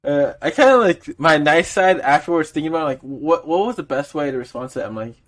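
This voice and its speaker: A man's voice: fairly high pitch, lively intonation, fairly quick. A young man chatting on a podcast, telling a work story with lots of fillers and frequent laughs. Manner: rambling storyteller, laughs often, many fillers. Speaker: podcast co-host. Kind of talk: casual podcast chat.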